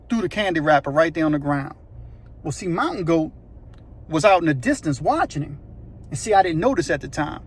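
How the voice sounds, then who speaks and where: A man telling a prison story in a casual, animated, slangy way, acting out voices and sounds. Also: on the high side, husky. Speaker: storyteller recounting prison life.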